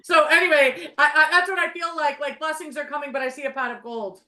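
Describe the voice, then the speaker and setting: A woman hosting a casual live stream as a psychic medium, bubbly and excitable, laughing often. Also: sits high, fast, noisy background.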